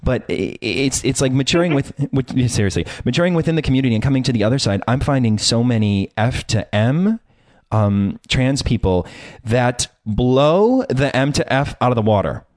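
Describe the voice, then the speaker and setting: A man's voice: medium pitch, expressive, normal speed, a little mellow, no echo. Campy chatty man from Chicago, dry sound. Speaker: host. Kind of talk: casual interview talk.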